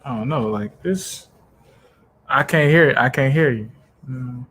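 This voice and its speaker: A man's voice: medium pitch, measured pace, a bit bright, a little hiss or hum. A man hosting a casual sports talk stream over an online call, laid-back and slangy. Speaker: stream host. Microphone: home mic on an online call.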